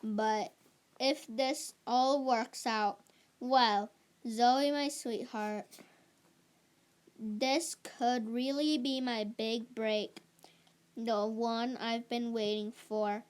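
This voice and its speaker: A woman reading aloud, voicing an excitable actress mother who is chasing her big break, in a slow, halting delivery. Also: on the high side, smooth. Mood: coaxing.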